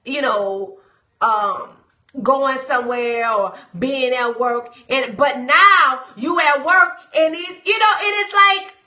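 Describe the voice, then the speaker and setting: Slow, bright-voiced woman live streaming. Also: high voice, echoey room. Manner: dramatic mock wailing, shouting and fake crying; loose, rambling, talks to viewers. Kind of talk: casual live-stream talk.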